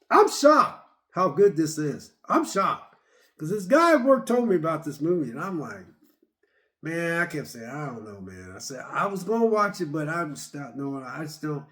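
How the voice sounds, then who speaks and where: A man's voice: on the high side, fairly bright tone. A man giving a casual, rambling movie review, retelling scenes with lots of repeats and fillers.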